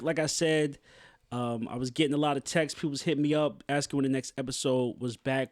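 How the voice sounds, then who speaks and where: A man's voice: mid-range voice, fairly even intonation, brisk, dry recording, clean studio sound, faint music behind. Laid-back slangy male podcast host. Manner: laid-back, slangy, many fillers and restarts. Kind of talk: casual podcast chat.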